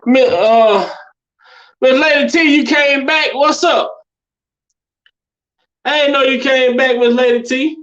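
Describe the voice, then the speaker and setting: A woman's voice: sits high, slow, pauses often, a bit bright, dull audio. A woman vlogger in casual reaction commentary, chatty and exclaiming, talking straight to her viewers. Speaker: vlogger reacting to internet clips.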